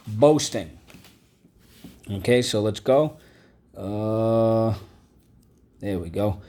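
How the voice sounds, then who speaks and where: A man with a fairly low, mellow voice talks slowly and evenly, leaving long pauses. He teaches vocabulary and phonics with patience, repeating words and asking the class to echo them.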